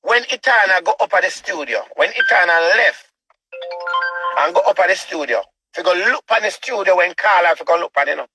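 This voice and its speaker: A man's voice: high-pitched, lively intonation, fairly quick, music in the background, poor audio. A man with a Jamaican accent ranting as a show host, preachy and repetitive and full of rhetorical questions. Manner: preachy, repeats himself, asks rhetorical questions. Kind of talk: ranting commentary.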